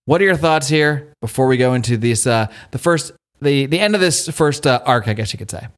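Animated man retelling a story. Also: mid-range voice, fairly quick. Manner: animated retelling, quoting characters, swears casually. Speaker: podcast host. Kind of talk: casual chat recapping a comic.

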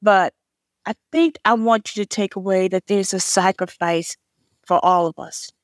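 A woman's voice: medium pitch, measured pace, no room sound, clean studio sound. A woman author being interviewed on a podcast, effusive and emotional as she speaks. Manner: effusive, tearful gratitude. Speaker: author guest.

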